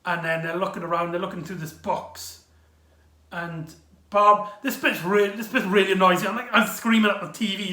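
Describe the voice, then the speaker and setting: A man giving a casual, rambling recap review of a TV episode, excitable and full of exclamations. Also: high voice, moderate pace. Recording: echoey room.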